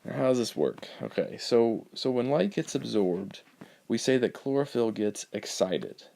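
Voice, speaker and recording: A male biology teacher giving a recorded lecture over slides, explaining in a relaxed way with frequent ums and uhs. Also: mid-range voice, unhurried, gravelly.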